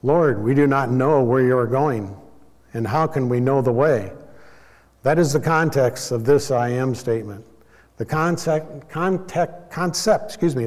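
Male preacher, mid-pitched, teaching in a calm, explanatory way; reverberant hall. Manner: measured, explanatory, with small self-corrections. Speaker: Bible teacher. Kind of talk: sermon.

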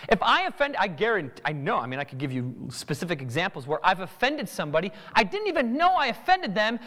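A man's voice: sits high, sing-song, quick pace, pushed and bright, in a large hall. A man preaching a sermon, acting out both sides of everyday conversations. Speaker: pastor.

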